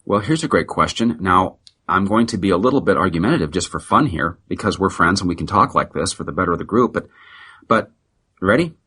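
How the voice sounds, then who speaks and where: A middle-aged man with a very low voice pushes a motivational sales pitch with blunt, preachy emphasis. His tone is tense and driving, and there is a husky grain to it. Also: lively intonation, brisk, sharp tone. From United States. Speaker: practice consultant guest.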